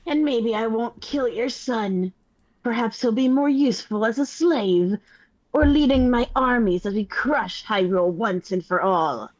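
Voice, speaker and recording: A woman's voice: a little high, unhurried, a little mellow, no room sound, muffled recording. A woman voicing a cruel male warlord who gloats and makes threats. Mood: menacing.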